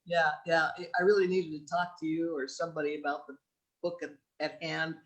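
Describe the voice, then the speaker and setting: A woman's voice: low voice, steady tone, a little fast. A woman author in casual chat over a video call, thoughtful and rambling, with many restarts. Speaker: guest author.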